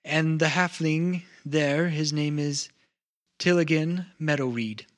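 A man voicing a composed female wood elf who speaks for her council in measured, formal sentences. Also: a little high, pitched above the performer's own voice. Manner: measured, formal diplomatic speech.

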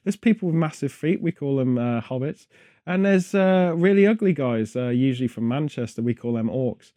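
A man's voice: mid-range voice, expressive, moderate pace, dark tone, dry recording, studio quality. A British man hosting a podcast, rambling through casual chat full of wry, absurd jokes. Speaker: podcast host.

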